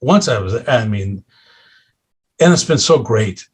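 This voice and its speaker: A middle-aged man, a podcast guest, candidly telling stories about his own life with self-deprecating humor and animated delivery. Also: medium pitch, a little slow, slightly rough. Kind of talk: candid interview storytelling.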